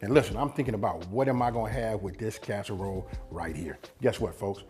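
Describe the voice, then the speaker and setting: A man's voice: fairly low pitch, fairly quick, darkish tone, soft background music. A man hosting a home cooking channel, talking through a recipe in a folksy, chatty way and often asking "you know what I mean?". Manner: eats while talking at times. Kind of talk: casual cooking demonstration. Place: home kitchen.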